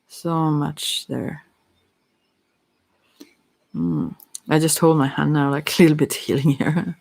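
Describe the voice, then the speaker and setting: A softspoken ASMR psychic with Swedish as a first language, giving a halting, hesitant chakra reading while teary-eyed. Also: mid-range voice, steady tone, vocal fry. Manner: halting, hesitant, with many fillers. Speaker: psychic card reader.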